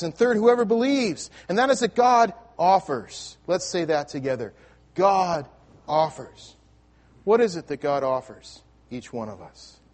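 Man preaching with sweeping loud-to-hushed swings. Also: a little high. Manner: storytelling with wide swings from loud emphasis to hushed delivery; frequent restarts and repeated words. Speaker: pastor. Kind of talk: sermon. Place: church sanctuary with congregation.

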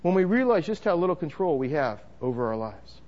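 A man with a slightly high voice preaching a sermon, driving his points home with emphasis and often restarting or repeating words. The recording is muffled and lo-fi. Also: very animated, fairly quick. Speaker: pastor.

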